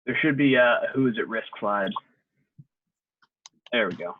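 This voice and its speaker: Over thin, phone-like video call audio with slight background noise, a young man presents a virtual sports medicine safety talk. His middle-pitched voice stays easygoing and explanatory, peppered with "um" and "uh."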